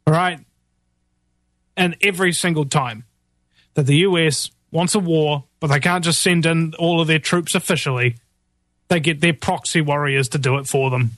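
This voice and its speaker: A man rants through sarcastic political commentary, mocking and animated, often breaking into laughter at his own jokes. His voice sits a little high for a man. The recording is dry and close, with no room sound. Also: moderate pace, no room sound.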